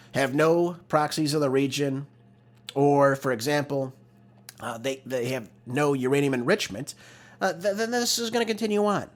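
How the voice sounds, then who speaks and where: A man hosting a political talk show, delivering emphatic, exasperated solo commentary into a close mic. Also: on the high side.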